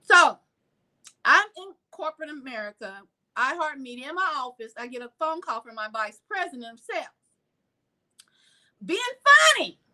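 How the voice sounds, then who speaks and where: High, bright-voiced sassy woman storyteller. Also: normal speed, long pauses. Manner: animated, sassy, acts out quotes. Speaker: vlogger. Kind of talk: casual storytelling.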